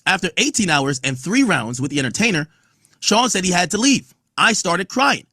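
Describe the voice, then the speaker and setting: A man's voice: sits high, very animated, normal speed, sharp tone, dry recording, clean studio sound. A man hosting a podcast, reading court testimony aloud and riffing on it in blunt, profane casual commentary. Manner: blunt, profane, reads quotes aloud and riffs on them. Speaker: podcast host.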